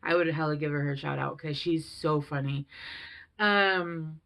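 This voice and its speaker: A woman's voice: low-pitched, a little slow, vocal fry, fairly bright tone. Chatty, rambling woman reading tarot. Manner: rambling and chatty, swears freely. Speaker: tarot reader.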